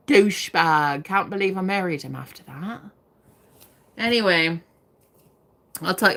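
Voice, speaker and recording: A woman's voice: medium pitch, animated, moderate pace, a bit bright. A young woman giving live-stream tarot readings, chatting casually, swearing freely and laughing often. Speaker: tarot reader.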